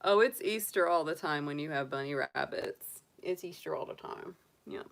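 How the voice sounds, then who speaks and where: A woman's voice: low-pitched, moderate pace, vocal fry. A middle-aged woman chatting casually on a livestream and cooing baby talk to her pet rabbit. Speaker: tarot reader and astrologer.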